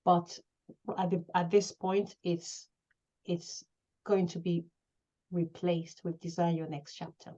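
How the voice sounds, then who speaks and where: A woman coach giving an emphatic motivational talk to an online group, building up to near-shouting. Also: lowish voice, level tone, slow, pauses often, highs cut off. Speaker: coach hosting a live session.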